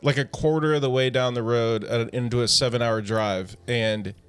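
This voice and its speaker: A man on a casual podcast, telling a story in an animated way and often calling people "dude". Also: medium pitch, moderate pace, clean tone, soft background music. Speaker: podcast co-host.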